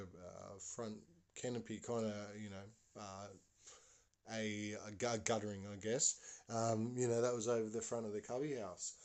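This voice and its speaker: A man's voice: mid-range voice, dark tone. A man, a podcast host telling a story in a rambling, hesitant way with many fillers. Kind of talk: casual spoken storytelling.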